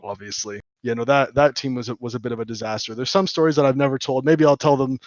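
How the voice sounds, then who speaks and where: A man telling stories on a podcast in a casual, animated, profane way, often restarting his sentences. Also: medium pitch, fast talker, no room sound, highs cut off. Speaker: podcast co-host. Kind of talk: casual storytelling chat.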